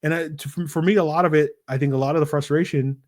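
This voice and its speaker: A man hosting a solo sports podcast, talking in an animated, rambling way with lots of fillers and rhetorical "right?" questions. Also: fairly high pitch, fast talker. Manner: acts out voices in quoted asides. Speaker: podcast host.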